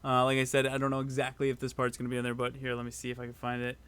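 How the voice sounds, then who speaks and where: A man co-hosting a casual podcast, chatting loosely with many fillers and quick bursts of excitement. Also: medium pitch, a little hiss or hum. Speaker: podcast co-host, mod maker.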